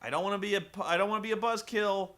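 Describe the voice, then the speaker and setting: A man's voice: high voice, rapid-fire, a bit bright. A man playing an apologetic wrestling executive. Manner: apologetic, hesitant.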